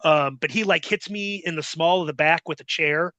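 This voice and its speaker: A middle-aged guest in a casual interview tells a rambling, profane story with animated retelling. His high, bright voice has a forceful edge and moves at a moderate pace, recorded dry and close with no room sound.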